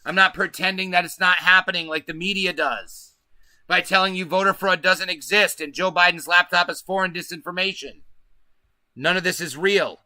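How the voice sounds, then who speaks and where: Male stream host, high piercing voice, dry close sound, emphatic and profane. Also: moderate pace, bright, forceful tone, dry recording. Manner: emphatic, profane, keeps asking "okay?". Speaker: livestream host. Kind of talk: casual livestream commentary.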